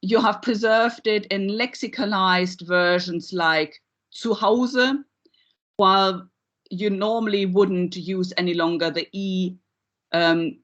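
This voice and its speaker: A woman giving a university lecture in a measured way, with frequent ums and uhs. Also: medium pitch, steady tone, fairly bright tone. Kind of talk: academic lecture. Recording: slightly dull lo-fi recording.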